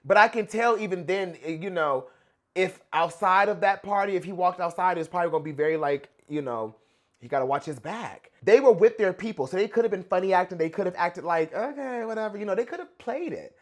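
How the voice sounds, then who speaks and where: A young man giving casual pop culture reaction commentary in an animated, gossipy way. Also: sits high, a little fast. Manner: animated, gossipy, dramatic outbursts.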